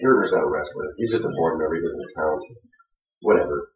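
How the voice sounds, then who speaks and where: A man's voice: rumbling low, a little fast. A man co-hosting a web wrestling show, chatting casually with lots of fillers and restarts. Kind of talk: casual chat with hesitant fillers. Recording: echoey room, distant lo-fi mic.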